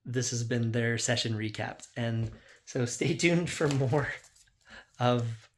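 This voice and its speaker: A man's voice: mid-range voice, takes it slowly. A man who runs a tabletop game as dungeon master, casually recapping his sessions in a rambling way, full of "like.". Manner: rambling, lots of "like", acts out quotes.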